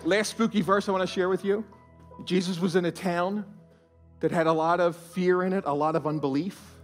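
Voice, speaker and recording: Pastor, man, high voice, animated sermon delivery with hushed-to-loud swings; faint music under. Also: moderate pace. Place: church auditorium.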